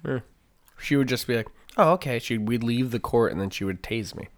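A man co-hosting a casual live show, animated and playfully complaining as he talks. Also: medium pitch, brisk. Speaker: co-host. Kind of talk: casual chat.

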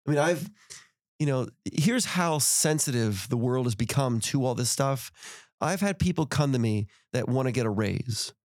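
A man's voice: mid-range voice, lively intonation, normal speed, no room sound, clean studio sound. A middle-aged man hosting a podcast, telling a story in casual conversation and acting out heated quotes. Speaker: podcast host.

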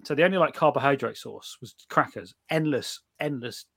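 A middle-aged British man chatting casually, telling animated stories with many restarts and the odd swear word. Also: medium pitch, normal speed, creaky, breathy edge, dry recording, clean studio sound. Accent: British English. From Britain. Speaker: guest reviewer of night vision gear. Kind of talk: casual chat.

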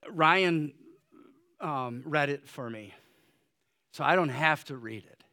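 His voice is a little high, animated, and slow as this male pastor delivers his sermon. He swings from loud, pressing exhortation to hushed pleading, using casual filler words along the way.

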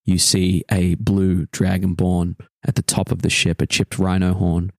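Deep-voiced man narrating a dream. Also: monotone, creaky, no echo. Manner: slow, descriptive dream narration with pauses. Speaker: game master. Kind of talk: narrating a tabletop game.

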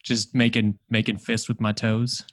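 Husky man tossing in deadpan quips. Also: on the low side, normal speed, no echo, clean studio sound. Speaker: podcast guest. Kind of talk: casual comedic banter.

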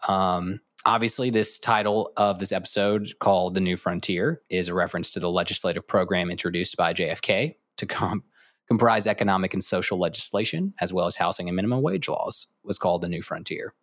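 Deep-voiced podcast co-host rambling through trivia. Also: male voice, a little fast, fairly bright tone, dry recording, studio quality. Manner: rambling, filler-heavy delivery of trivia. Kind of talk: casual chat.

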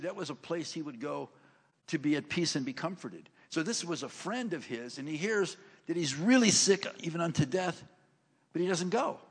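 A man preaching in a church hall, his voice gravelly and pitched a little high. He retells a scripture story in loose, folksy speech, then reads passages out with growing force. The sound rings with a long hall reverb. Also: a bit bright. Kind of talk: sermon.

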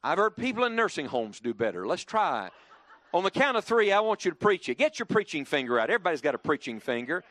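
Preacher, man, lively swooping delivery, slightly high voice, dry close sound. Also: fast, dry recording. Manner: lively, rising and dropping emphatically, leading the congregation in call-and-response. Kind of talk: sermon. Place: church before a congregation.

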